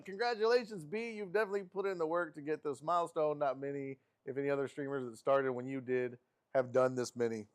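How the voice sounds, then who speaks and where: A man hosts a live sports stream and reads viewer messages aloud. His voice sits a little high for a man and swings up and down a great deal, so he sounds lively and affectionate. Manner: animated and affectionate, with frequent laughs and pitch jumps.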